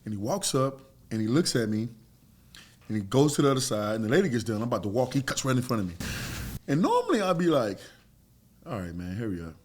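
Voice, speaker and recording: A man in his forties, a former fighter, spinning stories in loose conversation. His speech is blunt and peppered with profanity, and it turns animated as the tales build. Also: mid-range voice, fast, slightly rough. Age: 40s. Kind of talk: casual storytelling chat.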